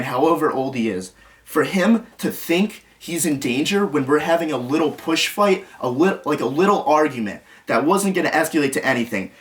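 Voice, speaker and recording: A man's voice: medium pitch, fairly bright tone, far from the mic. A young man telling an agitated story to the camera, rambling and restarting, quoting what others said. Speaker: vlogger.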